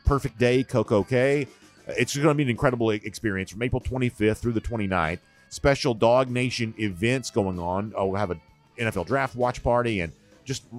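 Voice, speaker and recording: A man hosting a sports talk show, talking in an animated, conversational way. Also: mid-range voice. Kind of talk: casual sports talk commentary.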